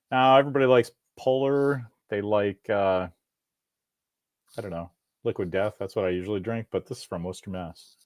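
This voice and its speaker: Casting: middle-aged male host, low voice, loose rambling banter, close dry mic. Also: a little mellow, no room sound. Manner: rambling, self-interrupting, joking. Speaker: podcast host. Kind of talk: casual live-stream chat. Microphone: video call.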